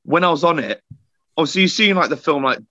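A young man, a podcast guest, telling army stories in a casual, sweary, animated way. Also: a little high, quick pace, no echo, lo-fi sound. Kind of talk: casual storytelling chat.

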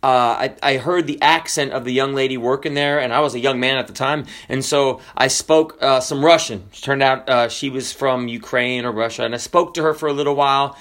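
A man in his forties preaching a sermon as a pastor, telling stories in a conversational way with many fillers and swinging between quiet low asides and high excited bursts. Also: a little fast, hardly any pauses. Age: 40s. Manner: conversational storytelling with frequent fillers.

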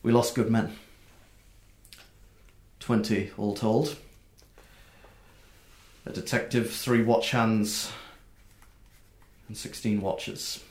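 A man voicing a grim female watch commander in a tabletop game, speaking slowly and with weight. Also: fairly low pitch, steady tone, darkish tone. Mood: grave. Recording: echoey room.

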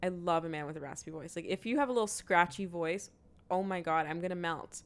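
A woman's voice: on the low side, brisk, no room sound. A young woman co-hosting a podcast in casual chat about dating, blunt and sarcastic and swearing freely. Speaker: podcast co-host.

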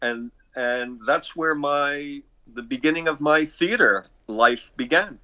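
A man's voice: on the high side, takes it slowly, sharp tone, dry recording. Older man telling stories with chuckles. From Brooklyn, New York. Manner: rambling, anecdotal, chuckling. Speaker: guest, artist and director. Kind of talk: casual interview storytelling.

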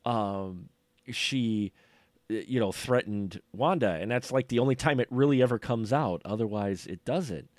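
A man's voice: mid-range voice, normal speed, no echo. A man co-hosting a podcast in casual film review chat, rambling and often restarting and repeating his words. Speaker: podcast co-host.

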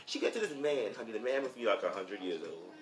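Man, casual storytelling, sassy and profane, lively swooping pitch, roomy echo. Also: fast talker. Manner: sassy, profane, animated, calls listener honey and child. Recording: roomy echo with faint music.

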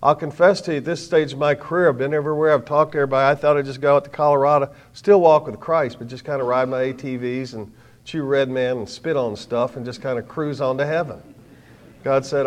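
An older man preaching a sermon, telling a story dramatically and swinging from hushed tones to loud ones. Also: mid-range voice, steady tone, fairly quick.

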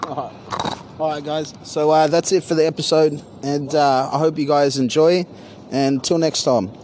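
A man's voice: fairly high pitch, steady tone, moderate pace, darkish tone, slight background noise. A man chiming in briefly in casual chat and closing the episode, outdoors on a campus. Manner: brief interjections, signs off the episode. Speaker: podcast co-host.

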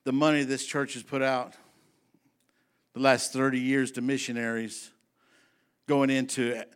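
A man preaching a sermon to his congregation in a folksy, emphatic style, slowing down to read scripture and speeding up for asides. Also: mid-range voice, level tone, smooth. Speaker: pastor.

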